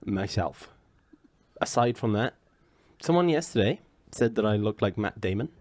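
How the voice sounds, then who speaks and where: A man co-hosting a podcast, chatting casually and joking around in quick banter. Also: on the low side, expressive, a little mellow, no echo. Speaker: podcast co-host. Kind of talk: casual chat.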